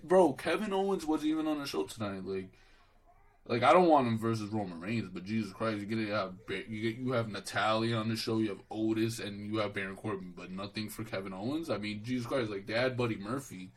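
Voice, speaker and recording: A man's voice: on the low side, rough recording. A young man giving a casual solo wrestling show review, swearing and dismissive, rambling with restarts and calling the listener bro.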